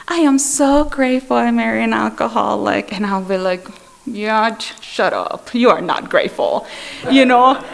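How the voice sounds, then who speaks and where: A woman shares her personal story at a recovery meeting. She talks candidly and mocks herself, with a lot of fillers, restarts and laughter as she tells it. Her pitch sits in the middle range for a woman. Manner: candid, self-mocking storytelling with frequent fillers. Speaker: Al-Anon meeting speaker. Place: meeting room.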